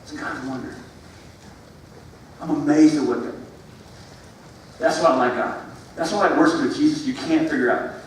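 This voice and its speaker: Animated man preaching in an echoey hall. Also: a little high, a little fast, long pauses. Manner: animated, repeats phrases, swings from loud to hushed. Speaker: youth pastor. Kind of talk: sermon to middle schoolers. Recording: echoey room from far off, faint ambient noise.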